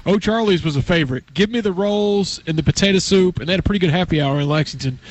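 A man's voice: sits high, quick pace, no echo, low-quality recording. A man co-hosting a radio show, talking in a wry, self-deprecating way. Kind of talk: casual radio chat.

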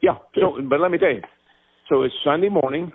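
Gravelly older Kentucky man on a phone line. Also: fairly high pitch, brisk. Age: 70s. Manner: folksy, animated storyteller who acts out quotes. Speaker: retired racing driver and broadcaster, guest. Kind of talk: storytelling interview. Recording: tinny phone-line recording.

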